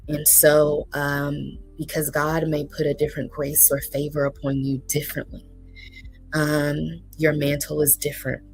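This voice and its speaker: A woman's voice: low-pitched, monotone, measured pace, rough recording. A woman therapist as a guest, speaking earnestly and encouragingly with frequent ums. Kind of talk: casual interview talk. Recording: faint music underneath.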